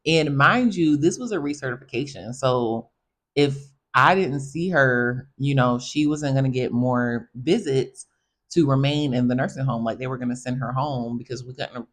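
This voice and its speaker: Chatty, animated woman telling stories. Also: very deep voice, normal speed. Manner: animated, chatty, addresses listeners as y'all. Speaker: podcast host. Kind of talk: casual storytelling monologue.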